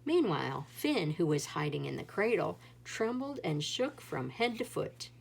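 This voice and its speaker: A woman reading a folktale picture book aloud in an expressive storybook style, with dramatic rises and drops. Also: low voice, a little slow, vocal fry, husky. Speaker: read-aloud narrator.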